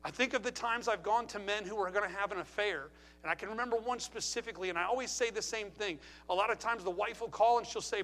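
A man's voice: sits high, fast talker, fairly bright tone. A middle-aged man preaching a sermon in a church, emphatic, firing rhetorical questions and repeating phrases for effect. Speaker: pastor.

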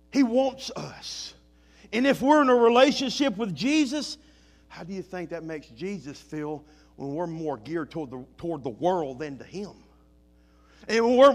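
A man preaching a sermon and reading scripture aloud, moving between loud emphatic lines and low quiet ones. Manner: reads scripture in old-fashioned wording.

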